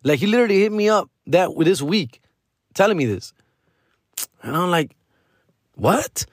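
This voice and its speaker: A man's voice: high voice, expressive, normal speed, dry recording, clean studio sound. A middle-aged man hosting a comedy podcast, telling a rambling, profane story full of slang and Spanish asides.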